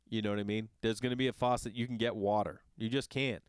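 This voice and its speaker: A man's voice: on the low side, steady tone, fast, few pauses, smooth, no echo. Profane ranting man, dry close sound. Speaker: podcast host. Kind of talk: casual monologue. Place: Los Angeles.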